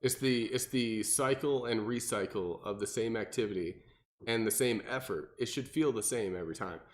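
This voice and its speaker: A man, a personal trainer co-hosting a podcast, talking casually and animatedly with lots of fillers and restarts. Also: moderate pace. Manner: animated, mimics people in exaggerated high voices, many fillers and restarts.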